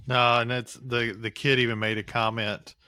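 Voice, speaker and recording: A man's voice: mid-range voice, flat delivery, normal speed, pushed and bright, smooth, no echo. A man co-hosting a podcast, adding short laid-back comments in a casual movie chat. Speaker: podcast co-host.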